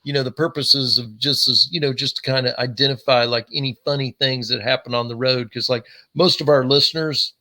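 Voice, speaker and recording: A man's voice: mid-range voice, fairly even intonation, fairly quick, few pauses, pushed and bright. A man hosting a casual podcast interview, asking questions and giving frequent short encouraging replies. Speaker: podcast host.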